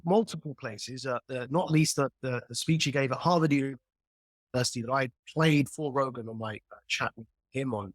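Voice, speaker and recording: A man's voice: fairly high pitch, dry recording, studio quality. A man speaking as a guest on a video call, building his points emphatically through analogies and repetition. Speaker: guest commentator. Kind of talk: animated explanatory conversation.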